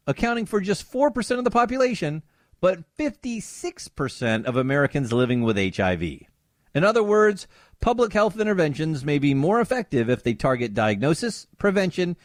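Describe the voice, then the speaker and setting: A man's voice: fairly high pitch, no room sound, studio quality. A man filling in as host of a talk radio show, giving sarcastic commentary and mocking opponents. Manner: sarcastic, mocks opponents in put-on voices.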